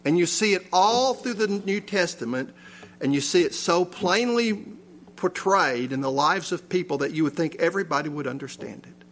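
A man's voice: high voice, expressive, moderate pace, a bit bright, a little hiss or hum. A man preaching a sermon in a church, reading scripture and asking his listeners rhetorical questions with rising emphasis. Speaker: pastor.

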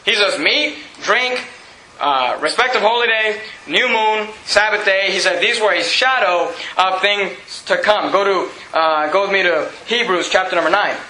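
A pastor preaching a sermon in a high, very bright and piercing voice. He drives his points home emphatically, reading verses and slipping in playful asides. The church room gives his voice a noticeable echo. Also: measured pace, a little hiss or hum. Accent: non-standard accent. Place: church sanctuary.

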